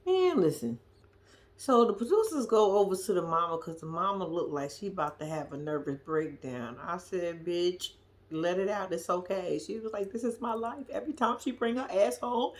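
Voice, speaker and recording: A woman giving a blunt, profane, animated recap of a reality TV episode, dropping to a hush at times. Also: medium pitch. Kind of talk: casual commentary recap.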